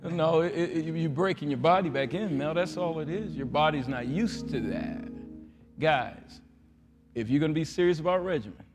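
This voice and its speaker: A man preaching a folksy, joking sermon as pastor, acting out voices and rising into loud prayer. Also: a little high, moderate pace, over music. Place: large church sanctuary.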